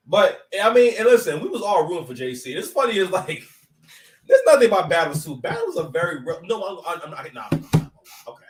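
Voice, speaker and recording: Recorded off-mic in an echoey room, a man talks casually about battle rap at home with his son nearby. His voice is high-pitched with big pitch swings and a fairly quick pace, and he sounds far away. He rambles and jokes, often stopping and restarting with repeats.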